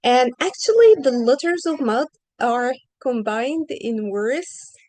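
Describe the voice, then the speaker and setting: A woman's voice: sits high, animated, takes it slowly, darkish tone, dry recording, low-quality recording. A woman teaching Arabic reading in an online lesson, asking questions patiently and stretching out the example sounds.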